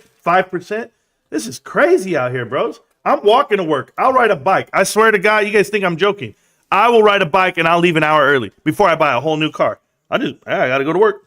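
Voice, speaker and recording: Male streamer, loose and animated, bright edge, sits a touch high. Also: a little fast. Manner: loose, slangy, animated, reads chat aloud. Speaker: livestream host. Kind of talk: casual livestream chat.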